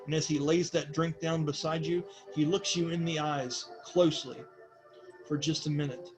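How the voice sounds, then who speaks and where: A man's voice: a little high, steady tone, normal speed. A man narrating as game master of a tabletop role-playing game, slipping into sarcastic character voices. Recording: faint music behind.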